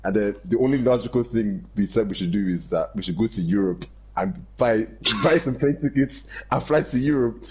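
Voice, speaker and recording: Low husky man telling a story. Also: normal speed, few pauses. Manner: excitable, laughs through his story. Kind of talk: casual storytelling chat.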